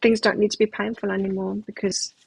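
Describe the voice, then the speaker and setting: Gravelly-voiced woman reading tarot. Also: mid-range voice, little pitch movement, quick pace, slight background noise, low-quality recording. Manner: reflective, self-help tone, frequent restarts. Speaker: tarot reader. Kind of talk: live tarot reading chat.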